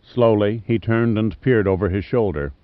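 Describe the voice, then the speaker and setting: A man reading an adventure novel aloud in a measured, even storytelling manner. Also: on the low side, no echo. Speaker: audiobook narrator. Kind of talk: scripted narration. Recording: slightly muffled dry studio.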